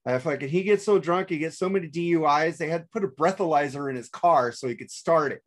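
A man's voice: on the high side, quick pace. A man co-hosting a casual podcast, rambling through a story, cursing freely and restarting his sentences. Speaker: podcast co-host. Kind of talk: casual chat.

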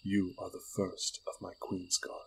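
A man reading a resolute young queen, husky. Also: monotone, a bit bright, heavily acted. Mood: solemn. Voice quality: low and husky. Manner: measured, solemn declarations.

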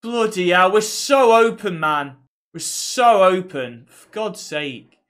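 A man's voice: high voice, animated, slow pace, a bit bright. A man reacting live to a football match as a fan, incredulous and despairing, repeating himself.

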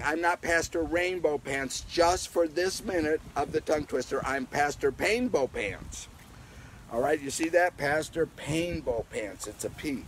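A man who is a pastor, giving a playful, animated children's message outdoors in his garden at home. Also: on the high side, a little hiss or hum, low-quality recording. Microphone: handheld camera.

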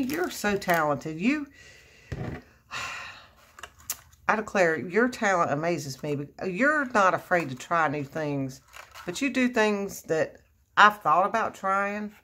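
A woman's voice: medium pitch, fairly bright tone, slight background noise. A woman chatting casually on her crafting vlog, gushing with effusive exclamations as she opens a gift. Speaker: crafting vlogger opening happy mail. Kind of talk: casual unboxing chat.

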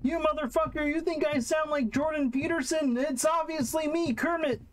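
A man's voice: extremely high pitch, fairly even intonation, normal speed, a little hiss or hum, voice pushed up. A man voicing a crude, hot-tempered male frog puppet in a comedic ranting impression over a game stream. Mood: angry ranting. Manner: angry ranting, crude jokes.

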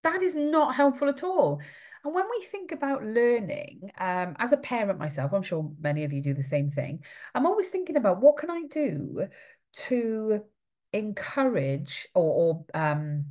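A woman's voice: medium pitch, darkish tone. A middle-aged woman with a Welsh accent hosts a live stream for parents, reading out viewer comments in a chatty, sympathetic way with frequent fillers. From Wales. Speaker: host of a parent support livestream. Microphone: webcam or phone on a live stream.

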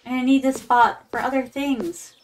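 Chatty higher-voiced woman streamer. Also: normal speed, slight background noise. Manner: chatty, talks to chat as "my darlings"; drops in Japanese words. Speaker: VTuber streamer. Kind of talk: casual gameplay commentary.

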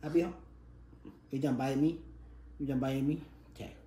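A man's voice: mid-range voice, steady tone, a little fast, mellow. A man at home, talking to his pet cat in soothing baby talk. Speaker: cat owner. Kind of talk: casual home video chat. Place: home room. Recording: roomy home room with faint noise.

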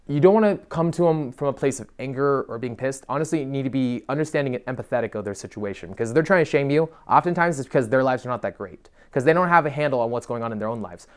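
Young guy ranting dating advice at the camera, talks super fast, swears a lot, lots of energy. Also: mid-range voice, clean tone. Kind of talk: casual to-camera advice rant.

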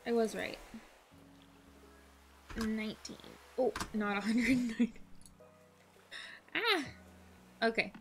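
High-voiced, gushing young woman gamer. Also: fairly even intonation, normal speed, pauses often. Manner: bubbly, gushing, squealing with delight. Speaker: gaming channel host. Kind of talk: casual let's-play commentary. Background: game music.

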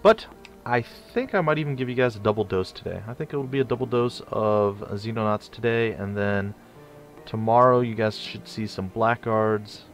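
A man's voice: lowish voice, normal speed, faint music behind. A young man casually commentating his strategy game, rambling and stumbling over his words. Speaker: let's play host.

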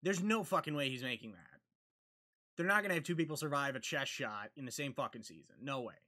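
A man hosting a reaction video, cursing and yelling angry outbursts at the screen between muttered commentary. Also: mid-range voice, lively intonation, fairly quick.

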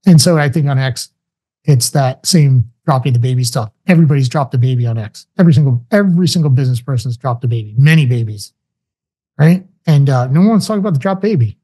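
A man guest on a podcast telling stories in a casual, animated way, acting out what people say. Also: mid-range voice, quick pace, slightly rough. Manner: animated storyteller, acts out quoted voices. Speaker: podcast guest, business founder. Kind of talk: casual interview talk.

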